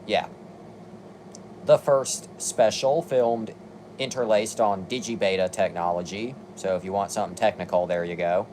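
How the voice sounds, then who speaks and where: A man's voice: lowish voice, darkish tone, slight background noise. A young man giving casual review commentary, reading long lists with dry, exasperated asides. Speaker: video commentator.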